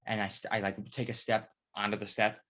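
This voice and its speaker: A young man co-hosting a casual podcast, with a voice that sits a bit on the low side. He rambles through his stories with plenty of swearing and gets animated as he retells them. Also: brisk. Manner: rambling storytelling, heavy swearing, lively retelling. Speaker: podcast co-host. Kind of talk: casual chat.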